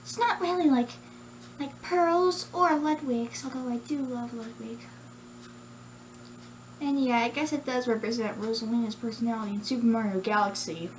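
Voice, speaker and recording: A woman voicing a calm, gentle motherly star princess with an airy, serene voice. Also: on the high side, moderate pace, a little hiss or hum, close to an everyday voice, poor audio.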